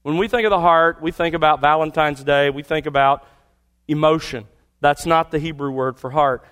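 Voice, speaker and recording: Pastor, male, fairly high-pitched, emphatic sermon delivery with hushed drops. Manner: emphatic preaching, repeats key words, drops to quiet asides.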